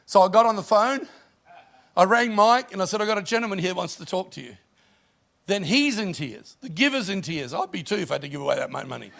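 A man's voice: sits high, animated, fast talker, vocal fry, a bit bright. A middle-aged man, a pastor, preaching a sermon and telling stories with rising emphasis.

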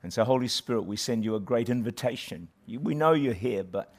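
A guest pastor speaking at a church service, opening with a self-deprecating joke and then praying earnestly. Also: male voice, mid-range voice, animated, a little fast, darkish tone. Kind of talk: sermon opening and prayer.

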